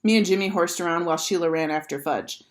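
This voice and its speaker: Teacher reading a children's book aloud. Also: female voice, fairly low pitch, fast. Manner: expressive and animated narration.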